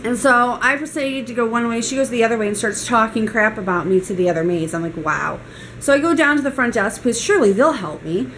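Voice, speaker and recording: A young woman vlogging, retelling a bad weekend in an animated, exasperated way. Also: a little high, quick pace, hardly any pauses, slight background noise, rough recording. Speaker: mom vlogger. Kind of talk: casual storytime vlog.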